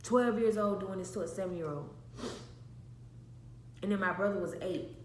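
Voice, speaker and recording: A woman's voice: medium pitch, normal speed. A woman earnestly telling a personal testimony to viewers, often repeating phrases for emphasis. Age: adult with an infant. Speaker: vlogger sharing a personal testimony. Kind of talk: emotional personal storytelling. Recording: echoey room with faint noise.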